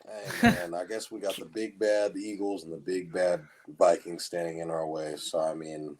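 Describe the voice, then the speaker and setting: A man's voice: low voice, steady tone, moderate pace. A man co-hosting a casual sports podcast, talking in a sarcastic, mock-gloomy way and dropping "man" often. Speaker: podcast co-host.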